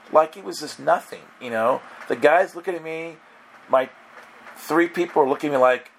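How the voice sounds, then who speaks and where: A man's voice: a little high, a bit bright, slight background noise. A man preaching, telling a story animatedly with laughs and frequent restarts. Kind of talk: sermon storytelling.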